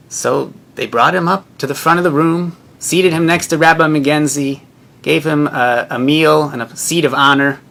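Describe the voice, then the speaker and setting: A young man who is a rabbinical student, telling a personal story in an earnest, measured and reflective way. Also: on the high side, fairly even intonation, vocal fry, sharp tone.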